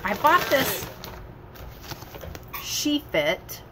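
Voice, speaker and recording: A woman hosting a casual home vlog, chatting in an animated, talkative way. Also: sits high, extremely slow, noisy background. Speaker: vlogger host.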